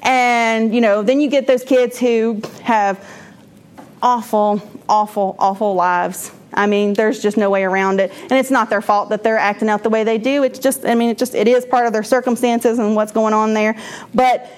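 A woman shares a personal testimony with a church class. Her voice sits a little on the high side. She talks candidly and loosely, breaking off and restarting her sentences and laughing as she goes. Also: steady tone, normal speed. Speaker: speaker at a church moms' class.

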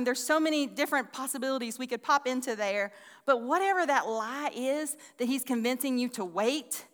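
Female Bible teacher, casual folksy delivery, higher voice with crisp tone. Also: pushed and bright. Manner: folksy, chatty, with many restarts and asides. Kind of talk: conversational sermon. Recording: long hall reverb.

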